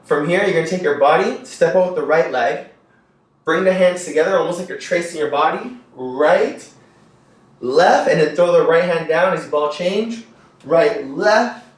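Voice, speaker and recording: A young man leads a dance tutorial in a lively, upbeat way, counting beats and scatting rhythms as he moves. His voice sits a little high. It rings through a very echoey room, heard from some distance off the mic. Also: normal speed. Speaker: dance instructor.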